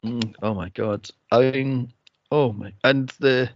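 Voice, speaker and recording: A man co-hosting a podcast, chatting casually about a movie, laughing and acting out scenes in high, silly voices. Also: takes it slowly, highs cut off, a little hiss or hum. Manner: laughing, animated retelling with squeaky impressions. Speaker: podcast co-host. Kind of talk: casual movie-review chat.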